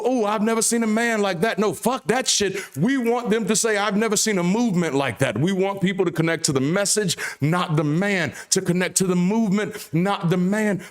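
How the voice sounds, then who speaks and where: As the show's host, a man with a baritone voice and a preacher's cadence delivers an emphatic monologue that is profane and repetitive.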